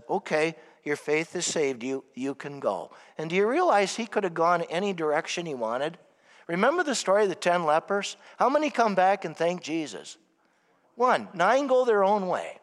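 A man preaching a sermon as pastor, often asking the congregation questions and swinging between loud emphasis and quiet reflection. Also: high voice. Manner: asks the congregation questions, rising and falling emphasis. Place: church. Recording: long church reverb.

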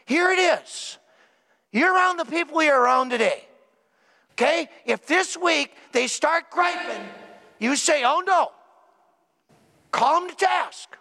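Man, preacher, sermon, high voice, gravelly, repeats words for emphasis, echoing church hall. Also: expressive, takes it slowly, pauses often, pushed and bright. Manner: emphatic, repeats key words, asks the congregation questions. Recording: church hall with long reverb.

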